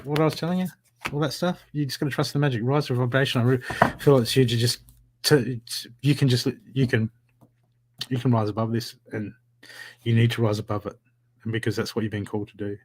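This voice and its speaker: A man giving live psychic readings from home, talking in an animated, encouraging way with a lot of repetition. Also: mid-range voice, brisk. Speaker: psychic reader. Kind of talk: live-streamed spiritual reading.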